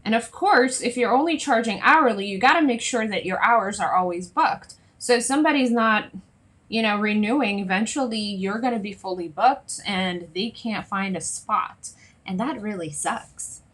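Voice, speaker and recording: A woman's voice: mid-range voice, measured pace. Chatty woman coach talking live. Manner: chatty, often checks in with "right?" and "okay?"; lively, acts out little scenes in other voices. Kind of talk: solo Facebook Live talk to viewers.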